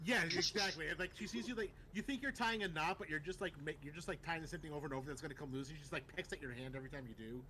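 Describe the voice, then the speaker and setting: Man, tabletop player, fairly high voice, animated describing. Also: racing, hardly any pauses, slight background noise. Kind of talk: casual tabletop game chat.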